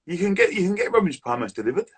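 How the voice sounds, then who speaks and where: A man's voice: high-pitched, big pitch swings, very fast, breathy edge. A man, a guest in a casual video-call chat, talking in a laddish, slangy, easygoing way.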